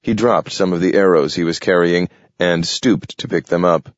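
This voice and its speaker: A man narrating a story with measured, steady delivery. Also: deep voice, no echo. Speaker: audiobook narrator. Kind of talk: scripted narration. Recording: dull lo-fi dry recording.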